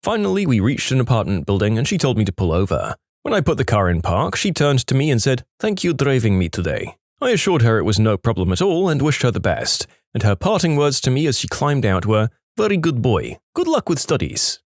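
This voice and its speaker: A man narrating online stories in an expressive, scripted storytelling manner. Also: mid-range voice, fast talker, hardly any pauses, no echo, studio quality.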